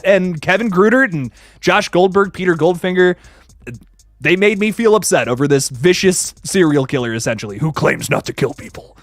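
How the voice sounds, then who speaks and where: An excitable young man talks casually to his live-stream audience. His voice sits high for a man and jumps all over the place as he gushes. The sound is dry and close, with no room around it. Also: normal speed, dry recording. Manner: excitable, swears, greets chatters by name. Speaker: livestream host reviewing films.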